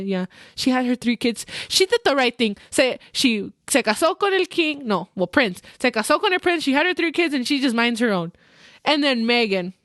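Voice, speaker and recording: A young woman hosting a podcast, chatting casually about her work as a hairstylist, animated and mixing in Spanish phrases. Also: sits high, no echo, studio quality. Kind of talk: casual chat.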